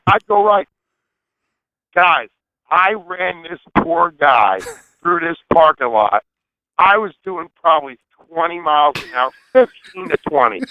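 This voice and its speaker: A man's voice: on the high side, dry recording. Brash man telling a story over a tinny phone line. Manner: brash, swearing, laughs at his own story. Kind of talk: animated storytelling.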